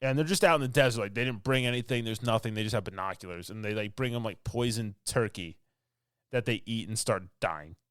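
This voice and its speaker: A man's voice: on the low side, brisk, fairly bright tone, smooth, dry recording, studio quality. Rambling man retelling a movie plot. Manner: rambling, filler-heavy storytelling with frequent laughs. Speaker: podcast co-host. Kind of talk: casual chat, recapping a movie.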